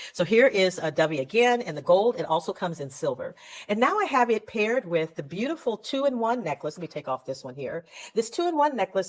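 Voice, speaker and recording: A woman showing jewelry pieces to viewers in a chatty, enthusiastic way, often correcting herself as she goes. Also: fairly low pitch. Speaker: jewelry seller. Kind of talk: live product showcase.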